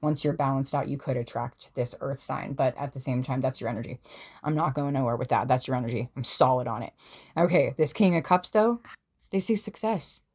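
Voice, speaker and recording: Woman with a low voice doing a tarot reading at home, all hyped and gushy, swears a lot. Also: fairly quick. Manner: excitable, gushing, swears casually. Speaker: tarot reader. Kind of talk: casual tarot reading to camera.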